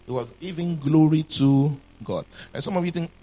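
A man's voice: on the high side, normal speed, warm tone, low-quality recording. A man preaching a sermon, firing questions at the congregation and repeating key lines for emphasis.

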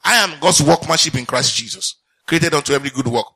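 A male preacher with a bright, ringing voice, delivering a sermon with emphatic repetition and questions thrown out to his listeners. He pitches a little higher than most men. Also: quick pace, husky. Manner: emphatic, repeats lines for effect, reads scripture aloud; asks the congregation questions.

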